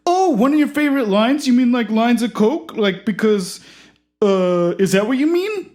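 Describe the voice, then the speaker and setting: An excitable talk show host, voiced by a comic performer who jumps up high and loud, with his pitch swooping all over. He rambles, baffled by everything, in a comedy podcast sketch. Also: moderate pace, close to an everyday voice. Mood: excited.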